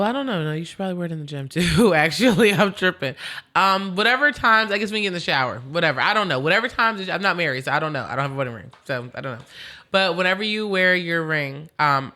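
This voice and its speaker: A woman hosting a podcast, chatting in an animated, rambling way and laughing easily. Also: deep voice. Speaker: podcast host. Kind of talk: casual chat.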